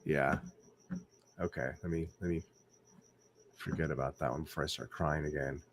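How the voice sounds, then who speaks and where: A man's voice: a bass voice, fairly even intonation, moderate pace, a little hiss or hum. A man hosting a casual late-night livestream, rambling, repeating words and asking viewers whether they agree. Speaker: livestream host. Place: indoors at home, night.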